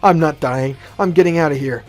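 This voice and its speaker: A brash, foul-mouthed young mercenary, as a man puts him on, defiant and loud, voice raised well above the narrator's own. Read as part of a spoken action story. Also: a little high, moderate pace, faint music behind, lightly acted. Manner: brash, cursing.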